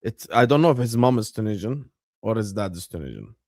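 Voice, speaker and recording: A man hosting a casual live watchalong, chatty and bursting into excited shouts. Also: fairly low pitch, brisk, no echo, studio quality. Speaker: livestream host.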